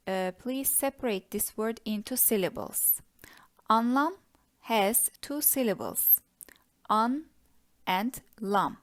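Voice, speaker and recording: A woman with a Turkish accent teaching a grammar lesson, patiently breaking words into syllables. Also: on the high side. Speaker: language teacher. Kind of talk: slow explanatory lesson.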